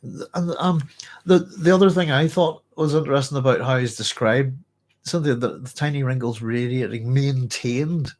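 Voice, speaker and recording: A man hosting a live book club, chatting through a novel and readers' comments in a thoughtful, rambling way with many pauses and restarts. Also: medium pitch. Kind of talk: casual live book discussion, reading aloud and chatting.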